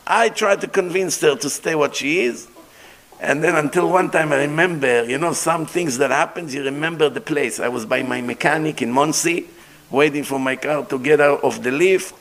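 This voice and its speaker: A middle-aged man giving a storytelling sermon as a rabbi, animated, acting out dialogue and mixing in Hebrew terms. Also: a little high. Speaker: rabbi lecturer.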